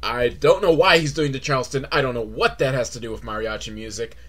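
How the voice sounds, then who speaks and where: A man recapping a kids' movie in a sarcastic, rambling way, with loud outbursts and mumbled asides. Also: medium pitch, fast. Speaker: movie reviewer.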